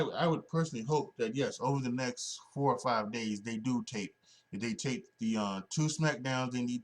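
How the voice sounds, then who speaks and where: A man hosting a solo wrestling podcast, talking casually and rambling with many restarts and fillers. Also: medium pitch. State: sleepy, yawning.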